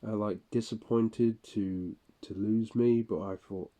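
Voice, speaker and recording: A man's voice: fairly low pitch, fairly even intonation, a little slow, dark tone. A man speaking a casual monologue for his audio log, rambling, profane and weary.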